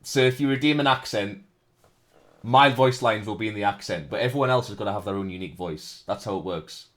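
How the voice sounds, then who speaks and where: A man's voice: lowish voice, a little fast, fairly bright tone. A man streaming a game live, reading its narration aloud dramatically between jokey, profane banter with chat.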